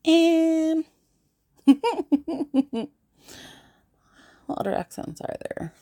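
A woman's voice: high voice, lively intonation, drawn-out words, dark tone, no echo, studio quality. A young woman in a casual solo vlog, playful and giggly, trying out mock accents. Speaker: vlogger.

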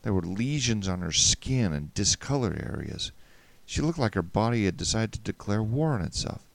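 Deep gravelly male storyteller. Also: big pitch swings, normal speed. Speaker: narrator. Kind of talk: first-person story reading.

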